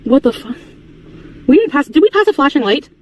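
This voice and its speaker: A woman's voice: high voice, very animated, brisk. A woman vlogging from inside a car at night, swearing a lot and nervously talking to her viewers. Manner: swearing, jittery, talks to viewers. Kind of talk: vlog filmed while driving. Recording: noisy car interior clip.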